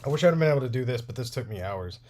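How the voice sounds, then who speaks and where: A rapid-fire, animated mid-range voice, a little mellow, comes from a man in his thirties hosting a toy repair livestream. There's slight background noise as he repairs action figures, rambling casually and laughing often.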